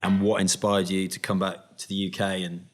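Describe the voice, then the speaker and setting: A man hosting a relaxed interview, asking short questions and giving quick agreement. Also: sits low, soft background music. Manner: relaxed, brief affirming interviewer. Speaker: podcast host. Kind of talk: casual interview.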